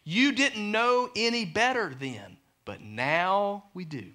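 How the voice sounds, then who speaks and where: A man's voice: sits high, expressive, slow pace, bright, forceful tone. A man preaching a sermon as pastor, emphatic and speaking straight to the congregation with frequent asides and repeated words. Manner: repeats words when building a point.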